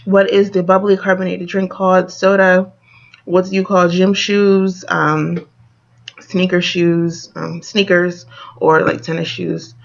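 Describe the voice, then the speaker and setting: A woman's voice: lowish voice, little pitch movement, unhurried, gravelly, muffled recording. A young woman from Delaware with a northern Delaware accent, chatting casually in a vlog and reading a word list with giggles and lots of "like" and "um". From Wilmington, Delaware, USA. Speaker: vlogger.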